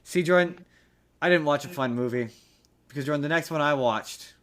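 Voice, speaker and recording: A man's voice: fairly high pitch, moderate pace, fairly bright tone. A man hosting a casual podcast chat, chatty, teasing and rambling. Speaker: podcast host.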